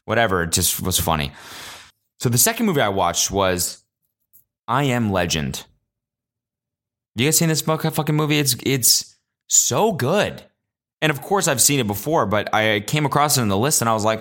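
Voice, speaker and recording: A young man hosting a casual solo podcast, telling animated stories with lots of swearing and high-pitched acted-out quotes. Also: moderate pace. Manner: animated storyteller, swears a lot, jumps high in pitch when acting out quotes. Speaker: podcast host.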